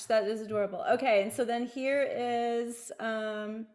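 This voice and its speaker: A woman hosting a casual interview, reacting in a warm, gushing way and asking questions. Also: on the high side, fairly even intonation, unhurried, few pauses. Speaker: host.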